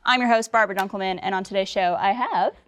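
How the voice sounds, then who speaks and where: A woman's voice: mid-range voice, fast. A woman hosting a podcast, chatting casually and laughing often with her guests. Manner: laughs often, relaxed banter. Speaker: host. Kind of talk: casual chat.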